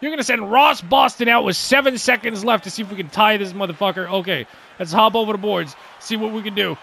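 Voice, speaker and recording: Gravelly, excitable male gamer. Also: high-pitched, fast talker, slight background noise. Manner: excitable, trash-talking, swings between loud hype and muttering. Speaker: gaming video host. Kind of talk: gameplay commentary.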